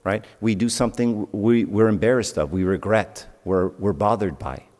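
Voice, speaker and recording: A man preaches to a youth group in a church hall, telling stories in a loose, conversational way. His voice sits on the low side. He often stops to put questions to the room, and long reverb from the hall trails each phrase. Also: moderate pace, a little mellow. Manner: conversational storytelling, asks the audience questions. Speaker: youth speaker. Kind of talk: sermon.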